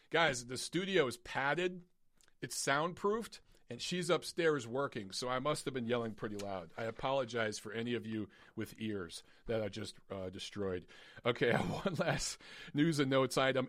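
A man's voice: medium pitch, a bit bright, no echo, studio quality. A man hosting a live-streamed boxing show, ranting bluntly and emphatically, and saying he is losing his voice. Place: padded soundproofed home studio.

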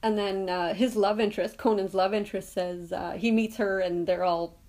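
A woman's voice: mid-range voice, steady tone, moderate pace, darkish tone. A woman hosting her own podcast, chatting casually and laughing often as she retells favorite movie scenes. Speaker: podcast host. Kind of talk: casual solo podcast chat.

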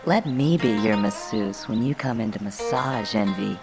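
A woman's voice: extremely low pitch, moderate pace. A woman playing a coaxing flirty masseuse. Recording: music playing behind.

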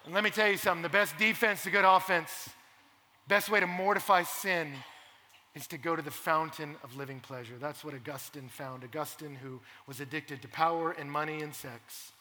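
A young man delivers a sermon with a bright, forceful edge to his tone and a fairly high voice. He swings from hushed, intimate passages up to loud, impassioned peaks. A long hall reverb trails every phrase. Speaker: pastor.

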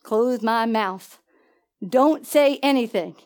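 Animated high-voiced woman preaching. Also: slow. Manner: animated, laughing asides, talks to the congregation. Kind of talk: sermon.

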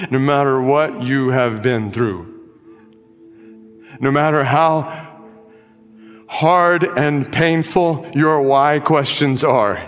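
A man preaching a sermon, reading scripture slowly and with rising emphasis. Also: medium pitch. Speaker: pastor. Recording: music behind, long hall reverb.

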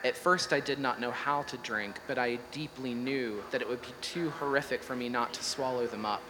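A ravenous, all-knowing AI god speaks in slow, solemn declamation, as a man reads it aloud. The voice sits at a middling pitch and rings out with a long hall reverb. A faint hum lies underneath. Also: close to an everyday voice. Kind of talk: scripted performance reading.

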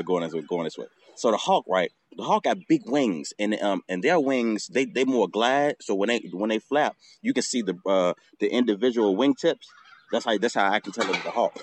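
A man's voice: fairly low pitch, slight background noise. A man hosting a podcast outdoors, telling a casual, swearing story and acting out the bird calls. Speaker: podcast host.

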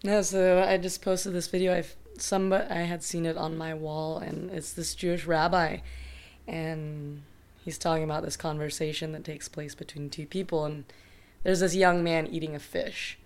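A woman's voice: sits low, flat delivery, normal speed, darkish tone. A woman in her thirties sharing thoughts reflectively in a casual conversation. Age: 30s. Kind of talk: casual chat.

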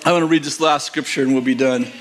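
Animated storytelling male pastor. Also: medium pitch, fast, slight background noise. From United States. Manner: animated storyteller, laughs often, acts out voices. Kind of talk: sermon with storytelling. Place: large church auditorium.

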